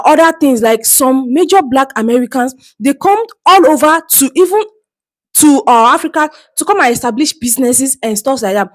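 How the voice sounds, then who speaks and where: A woman hosting a reaction video, commenting in an animated, exclaiming way and urging viewers to comment. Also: high voice.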